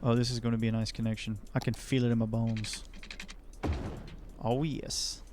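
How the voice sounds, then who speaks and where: A man's voice: mid-range voice, little pitch movement, normal speed, background noise. A man giving rambling, jokey, self-deprecating commentary while playing a city-building game. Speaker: let's play host. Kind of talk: casual gameplay commentary.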